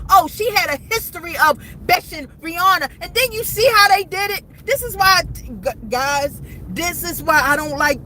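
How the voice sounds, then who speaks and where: High bright-voiced woman vlogger. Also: expressive, normal speed, slight background noise, rough recording. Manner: repetitive, urgent, addresses viewers as guys. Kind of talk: emotional commentary to camera.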